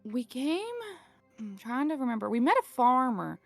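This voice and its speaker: A woman's voice: on the high side, expressive, moderate pace, vocal fry, dry recording, soft background music. A woman playing a tabletop game, voicing a chatty, apologetic circus troupe leader who rambles and slips into a slight southern twang. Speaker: player. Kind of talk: in-character tabletop role-play.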